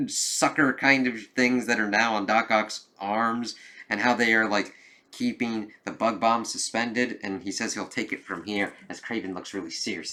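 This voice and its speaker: A man giving a casual, rambling review of a comic book, swearing often and acting out dialogue in lively voices. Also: lowish voice. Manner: profane, rambling, with many "like" fillers.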